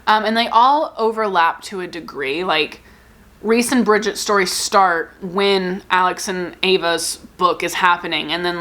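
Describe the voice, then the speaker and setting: A young book vlogger with a lowish, bright, forceful voice chats casually, rambling and giggling. She gushes about things and keeps cutting herself off mid-thought.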